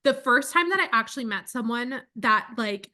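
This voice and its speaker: A woman in her thirties co-hosting a podcast, chatting casually and telling animated stories with lots of fillers. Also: a little high, moderate pace. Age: 30s. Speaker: podcast co-host. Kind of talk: casual chat.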